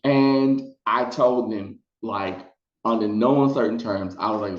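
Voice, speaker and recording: A man telling a casual storytime to his viewers, chatty and animated, slipping into high put-on voices when quoting people. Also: a little slow, reverberant, highs cut off. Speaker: storytelling vlogger.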